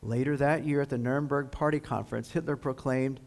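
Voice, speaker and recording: A man giving a history lecture at a high school, telling the story in an earnest, emphatic way. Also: steady tone, a little fast, gravelly, a little mellow, rough recording. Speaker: guest lecturer.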